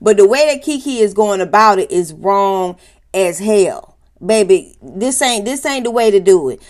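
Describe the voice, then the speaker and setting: A woman hosting a casual reality TV recap, telling it in a lively, profane way and acting out the quotes. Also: mid-range voice, moderate pace. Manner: animated, profane, laughing storyteller acting out quotes.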